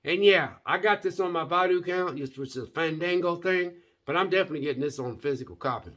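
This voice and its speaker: Animated, rambling man reviewing a movie. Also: on the high side. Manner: rambling, repeats words, says "man" often; folksy, animated. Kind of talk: casual movie review chat.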